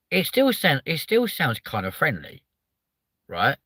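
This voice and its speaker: A man with a southern English accent hosts a live stream. He swears constantly and is openly hyper as he reacts to viewer comments. His voice is very bright and cutting, his pitch lively, and the sound is close and dry. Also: a little slow, no room sound. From southern England. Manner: hyper, animated, swears a lot.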